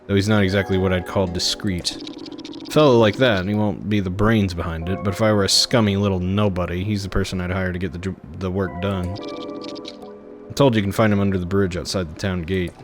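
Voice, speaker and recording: A man's voice: low-pitched, fairly even intonation, fairly quick, music in the background, lightly acted. A man reading a curt, haughty market boss woman. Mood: cold, curt. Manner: curt, dismissive. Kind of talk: reading game dialogue aloud.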